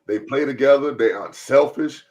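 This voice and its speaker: A man co-hosts a sports podcast, his voice at a middle pitch. He talks in a laid-back, casual way and circles back to repeat his points. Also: moderate pace. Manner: laid-back, repeats phrases, loud when riled up. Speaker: podcast co-host.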